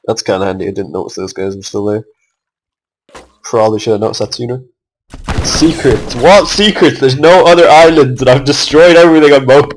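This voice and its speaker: A man's voice: medium pitch, brisk, rough recording. A young man giving casual commentary on his own strategy game match, swearing often and venting at his opponent.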